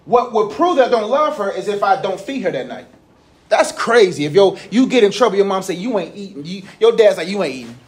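A young man preaching a sermon in a conversational way, telling stories with slang and swinging between loud passages and low, quiet ones. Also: animated, a little fast. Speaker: pastor.

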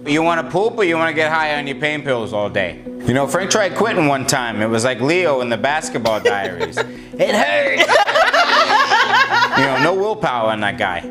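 A man playing a mocking male construction worker in a parody ad, crude and loud with a heavy Boston accent. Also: a little high, very animated, normal speed, over loud music. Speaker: parody comedian.

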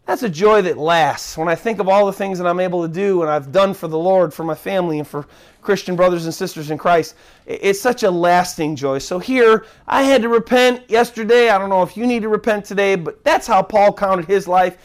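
A man's voice: high-pitched, fairly quick. A man preaching a sermon as pastor, earnest, often repeating and restarting his words.

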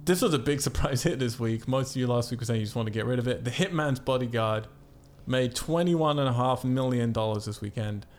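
A man hosting a casual podcast, joking and running quickly through a list. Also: medium pitch. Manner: quick, jokey, rattles off lists. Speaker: podcast host.

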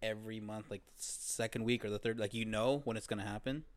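A man's voice: fairly low pitch, fairly even intonation, fast. A young man co-hosting a podcast, telling rambling stories in casual chat and laughing often. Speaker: podcast co-host.

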